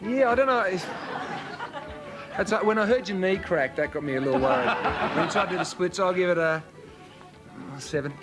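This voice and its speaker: Male TV judge, halting and unsure, highish voice, studio crowd. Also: loud music behind the voice. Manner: hesitant, halting. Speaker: talent show judge. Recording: live TV studio with audience and band.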